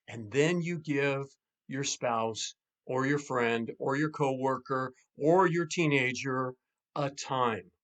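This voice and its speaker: A man, a pastor and marriage coach, casually teaching in an animated way and acting out quoted spouses. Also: medium pitch, slow pace.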